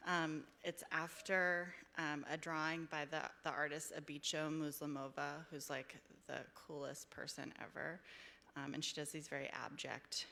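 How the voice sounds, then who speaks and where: A woman's voice: low-pitched, little pitch movement, moderate pace, creaky, bright, forceful tone. A woman poet giving a live reading, effusive and self-deprecating in her hesitant chat between poems. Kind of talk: live poetry reading with chatty asides. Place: public library event room.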